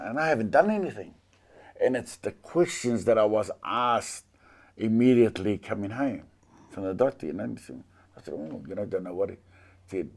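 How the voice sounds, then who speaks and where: An older man speaks in a conversational interview. His low, warm voice moves haltingly, doubling back on words and leaning on "you know" as he goes. It sounds like a relaxed sit-down chat. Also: creaky. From New Zealand.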